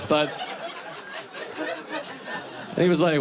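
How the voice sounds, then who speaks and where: Self-mocking stand-up comic man, lively pitch. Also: fairly quick, background noise. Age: 40s. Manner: self-deprecating, deadpan asides with animated impressions of friends. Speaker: stand-up comedian. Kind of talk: stand-up routine. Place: comedy club stage before a live audience. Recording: live club set with a laughing crowd. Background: audience laughter.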